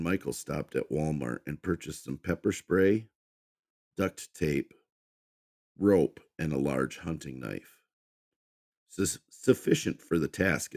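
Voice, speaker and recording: A man narrating a horror story for a podcast with an expressive reading. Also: a bass voice, vocal fry.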